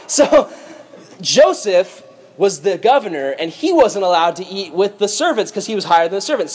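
A young man giving a casual, joking Bible lesson, retelling the story in an animated, playful way. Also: high voice. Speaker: youth Bible teacher.

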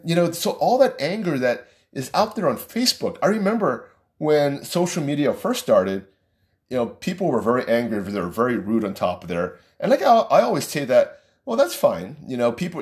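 A middle-aged man giving a casual, exasperated opinion rant, often repeating himself. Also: medium pitch. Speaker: vlogger.

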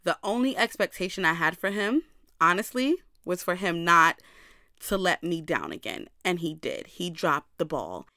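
A woman's voice: on the low side, very animated, moderate pace, bright, forceful tone, no room sound, studio quality. A young woman hosting a podcast, telling a personal story in a candid way and talking straight to her listeners. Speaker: podcast host.

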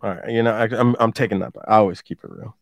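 A man's voice: fairly low pitch, racing, vocal fry, dry recording, clean studio sound. A man hosting a casual podcast, laughing often and swearing as he mocks himself. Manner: laughing, swearing, self-mocking. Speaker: podcast host. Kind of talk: casual chat.

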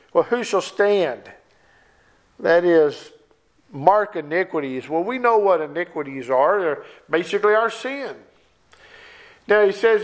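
A man preaching a Bible-teaching sermon, earnest and emphatic, often repeating and rephrasing his points. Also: sits high.

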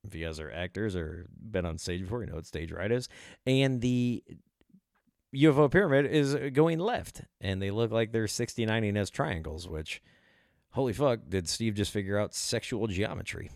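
Male podcast host, lowish voice, dry close sound, profane rambling rant. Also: animated, normal speed, a little mellow, no room sound. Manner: profane, rambling, laughing often. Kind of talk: casual comedic rant.

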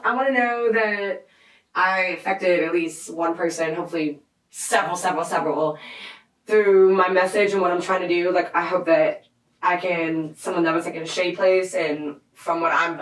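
A young woman in her twenties talks casually on a podcast, animated and full of "like" and swearing. Her voice sits a little low, and the room around her is echoey. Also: normal speed. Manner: animated, swearing, lots of likes. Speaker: DJ guest.

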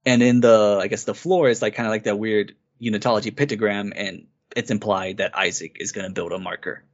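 Man, low voice, rambling eager podcast chat, muffled lo-fi sound. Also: fairly even intonation, brisk. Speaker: podcast co-host. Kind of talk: casual game review chat. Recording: dull lo-fi recording.

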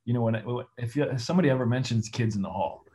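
A man co-hosting a podcast, talking casually in halting bursts with frequent restarts. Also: mid-range voice, expressive, dark tone. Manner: halting, many restarts and fillers. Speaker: podcast co-host. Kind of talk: casual chat.

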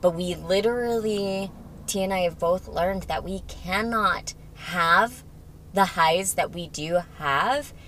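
A woman co-hosting a podcast, talking quickly and upbeat with many fillers in casual chat. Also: fairly low pitch, a bit bright, slight background noise. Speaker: podcast co-host.

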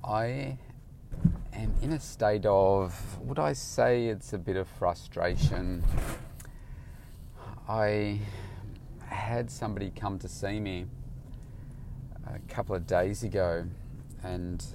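A man, a personal trainer, telling a casual vlog story and acting out his own excited questions. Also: fairly low pitch, takes it slowly, vocal fry, long pauses, noisy background. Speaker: personal trainer, daily vlogger.

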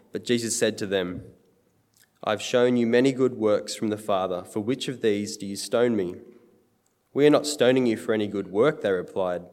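Lowish voiced guy preaching, earnest and emphatic, big hall echo. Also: a little mellow. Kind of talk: sermon.

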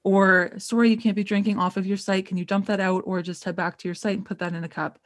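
A woman with a mid-range voice tells lively stories in a casual chat and acts out the lines of the people in them. Her voice sounds dry and close to the mic. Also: mid-range voice, fast, no room sound. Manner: animated storytelling, acts out quotes.

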